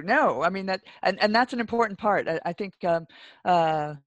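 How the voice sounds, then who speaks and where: Earnest, halting speaker with dry sound. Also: medium pitch, fairly bright tone, no room sound. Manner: earnest, halting, many restarts. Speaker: church discussion participant. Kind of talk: casual group discussion.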